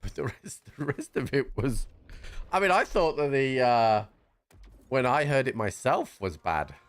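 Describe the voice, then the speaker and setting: Lively British male game streamer. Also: mid-range voice, a little slow. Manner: chatty, laughing, restarts often. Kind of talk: casual livestream chat.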